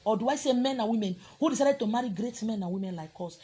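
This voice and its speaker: A woman's voice: a little high, expressive, fast, mellow, slightly rough. A woman with a Nigerian accent, preaching as a spiritual teacher in a scolding, confrontational way. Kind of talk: preaching to an audience.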